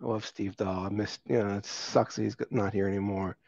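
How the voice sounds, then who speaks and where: A man's voice: on the low side, steady tone, brisk, creaky, darkish tone, no echo. A man hosting a casual interview, eager and chatty as he tells his own stories. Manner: eager and chatty, laughs along. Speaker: podcast host. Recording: dull lo-fi, dry.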